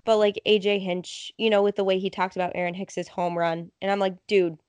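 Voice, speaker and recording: A young adult woman co-hosting a casual chat, telling stories with lively acted-out quotes. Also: medium pitch, a little fast, no echo. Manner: animated storyteller, acts out quotes. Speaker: podcast co-host.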